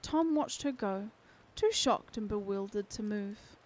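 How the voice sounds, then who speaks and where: A woman streamer reading a novel aloud to her community with steady, expressive narration. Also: mid-range voice, unhurried, poor audio. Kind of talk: unhurried storybook reading.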